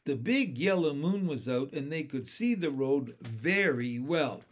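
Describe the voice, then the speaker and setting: A man reading a children's chapter book aloud in a gentle storytelling manner. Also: fairly high pitch, animated, unhurried. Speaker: narrator. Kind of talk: audiobook narration of a children's book.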